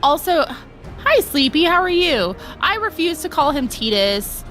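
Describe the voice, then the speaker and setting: A woman's voice: high-pitched, sing-song, a little slow, fairly bright tone, faint music behind. A young woman chatting playfully on a game live stream, laughing often and reacting to chat.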